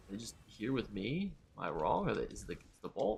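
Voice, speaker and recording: A man streaming a game live, chatting with viewers and reacting loudly and with swearing to the action. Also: on the low side, huge pitch swings, brisk, creaky, few pauses, slight background noise. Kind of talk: live gameplay commentary.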